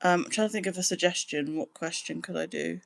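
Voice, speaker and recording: A woman's voice: lowish voice, vocal fry. British woman chatting on a live stream. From Britain. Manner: chatty, hums to fill pauses. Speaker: livestream host. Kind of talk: casual live stream chat with viewers.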